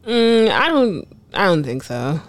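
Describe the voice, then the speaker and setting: A woman's voice: mid-range voice, sing-song, slow pace. A woman co-hosting a casual chat, frank and opinionated, sometimes reflective. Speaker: podcast co-host.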